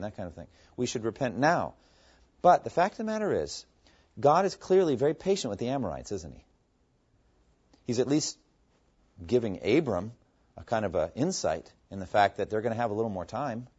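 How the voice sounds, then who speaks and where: A man's voice: medium pitch, animated, normal speed, darkish tone. A man teaching a Bible study as a pastor, earnest and emphatic in a conversational way. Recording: dull lo-fi recording.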